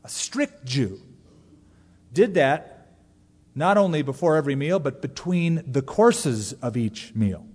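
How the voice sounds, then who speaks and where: A man in his forties preaching a sermon to a congregation, joking and animated, leaning hard into emphasis. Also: a little high, takes it slowly, breathy edge. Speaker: pastor. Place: large church sanctuary. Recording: long reverb of a large church hall.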